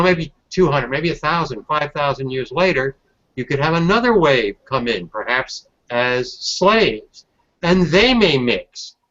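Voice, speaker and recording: A man hosting a casual video hangout, his voice bright and forward. He talks things through with lots of hedges and pauses, and the call audio sounds a bit muffled. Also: on the high side. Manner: thoughtful, hedging with maybes. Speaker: host. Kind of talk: casual panel chat.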